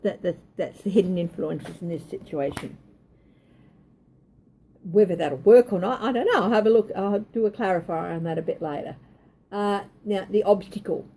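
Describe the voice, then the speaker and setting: A woman's voice: mid-range voice, normal speed, warm tone, slight background noise. A woman giving a tarot reading, thinking aloud, hesitant and correcting herself as she goes. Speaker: tarot reader.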